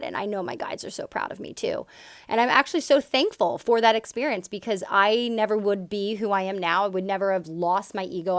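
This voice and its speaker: A woman's voice: medium pitch, dry recording, studio quality. A woman in her young adult years telling a personal story to camera, emphatic and candid, full of asides. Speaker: vlogger sharing a personal story.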